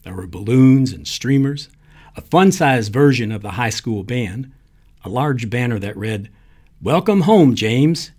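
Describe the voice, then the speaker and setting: A man narrating a short story aloud in a lively storytelling manner, giving the characters their lines. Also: medium pitch, measured pace, husky. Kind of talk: reading short fiction aloud.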